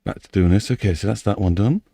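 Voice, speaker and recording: A man with a deep, gravelly voice, slightly out of breath. He talks to himself casually while working through a game map, muttering and wondering aloud. His tone is dark and mellow. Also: fast talker, no echo, clean studio sound.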